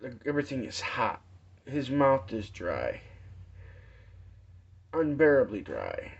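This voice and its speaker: A man preaching informally, retelling a parable in a halting storytelling manner with many restarts. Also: medium pitch, wildly swooping pitch, vocal fry, breathy edge. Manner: slow, halting storytelling with restarts and acted quotes. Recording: dull lo-fi sound.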